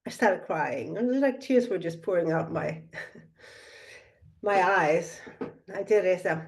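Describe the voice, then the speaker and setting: Middle-aged woman, soft meandering spiritual storytelling, lots of ums. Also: on the low side, animated, unhurried, gravelly. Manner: soft-spoken, meandering, with frequent fillers. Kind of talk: reflective personal storytelling.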